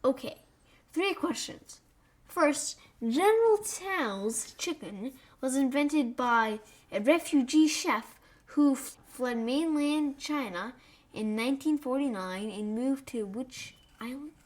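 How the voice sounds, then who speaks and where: Female co-host, high voice, curious and light. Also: expressive, slow. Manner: curious, light reactions and quiz questions. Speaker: podcast co-host. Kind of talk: podcast banter.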